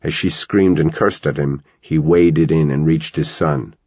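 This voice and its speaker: A man reading a novel aloud as an audiobook narrator, in a measured storytelling manner. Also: a bass voice, fairly even intonation, mellow, husky, no room sound, muffled recording. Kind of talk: scripted narration.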